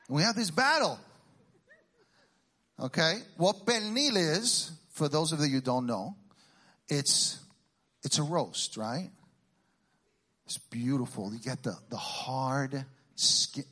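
A middle-aged man from Puerto Rico doing a stand-up routine, teasing the crowd with quick questions and Spanish exclamations. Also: fairly high pitch, animated, pushed and bright, slightly rough. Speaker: stand-up comedian.

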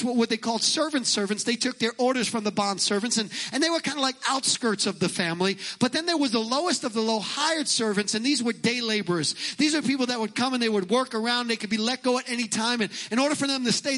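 High, bright-voiced male preacher. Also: low-quality recording. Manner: emphatic, repetitive storytelling preacher. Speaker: pastor. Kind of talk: sermon.

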